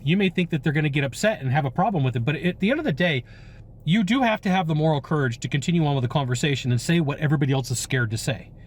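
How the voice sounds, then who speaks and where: An American man hosting a sales training show, talking in an upbeat, emphatic way while outdoors on a windy coast. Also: on the high side. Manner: upbeat, emphatic, playful repetition. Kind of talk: energetic outdoor sales talk.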